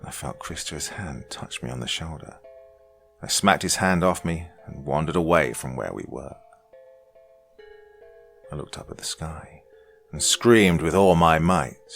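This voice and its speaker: Very deep, gravelly horror narrator. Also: male voice, lively intonation, unhurried, pauses often, faint music behind. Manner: dark, dramatic reading, dropping to hushed lines. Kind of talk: scripted horror story narration.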